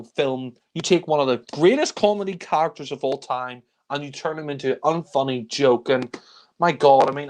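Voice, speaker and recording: A young man ranting in exasperation about a film he hates, swearing often in a casual review chat. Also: a little high.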